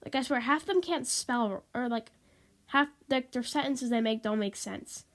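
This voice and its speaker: A woman with a slightly high voice talks at normal speed in a casual, rambling vlog recorded on a tablet microphone. She sounds stuffy and sniffles, apologizing and repeating herself.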